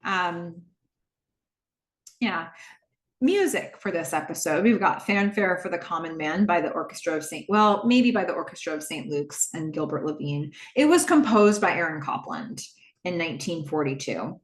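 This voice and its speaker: A woman's voice: fairly low pitch, normal speed, reverberant. A woman hosting a podcast, casually recapping a TV episode, acting out the characters' lines and laughing often. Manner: retells scenes, acting out lines in shifting voices; laughs often, lively and amused. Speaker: podcast host.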